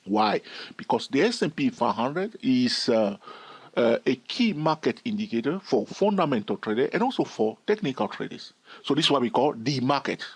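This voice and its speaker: A man with a husky voice walks through a chart analysis lesson on trading. His pitch swings widely as he stresses points, and he repeats key phrases for emphasis. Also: sing-song, normal speed. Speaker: trading educator.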